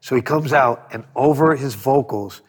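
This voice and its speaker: A man being interviewed as a record producer, telling animated stories, acting out quotes and swearing freely. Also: medium pitch, moderate pace, slightly rough, big-room sound. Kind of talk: storytelling interview.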